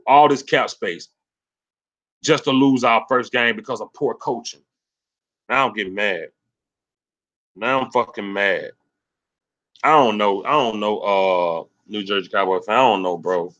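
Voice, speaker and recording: A man hosting a sports livestream, ranting angrily and cursing, swinging between loud rants and low mutters. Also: muffled recording. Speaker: sports channel host. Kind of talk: profane livestream sports rant.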